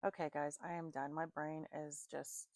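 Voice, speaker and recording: A woman's voice: low voice, little pitch movement, normal speed, a little mellow, dry recording. A tired woman giving a casual psychic reading, free-associating names and places and chuckling at her own slips. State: tired, sleepy. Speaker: psychic reader.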